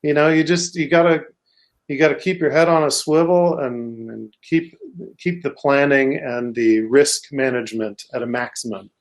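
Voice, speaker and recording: A man's voice: medium pitch, moderate pace. A man co-hosting a casual on-stage chat, hesitant and full of fillers. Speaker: co-host.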